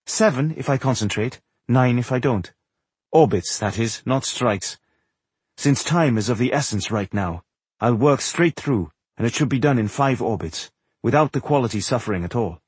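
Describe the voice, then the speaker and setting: A man's voice: mid-range voice, expressive, moderate pace, darkish tone, husky, no room sound. A man voicing an earnest, plain-spoken young male dwarf blacksmith in a storybook reading.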